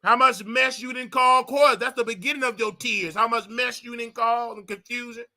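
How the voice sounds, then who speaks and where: High, bright-voiced mocking male host. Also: moderate pace. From United States. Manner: mocking, animated, mimics others in exaggerated voices. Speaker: commentary show host. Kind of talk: casual commentary.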